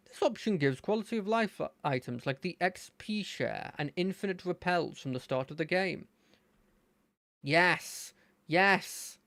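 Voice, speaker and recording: A gaming streamer giving relaxed, chatty commentary while playing, thinking aloud. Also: mid-range voice, no echo, studio quality. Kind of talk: casual let's-play commentary.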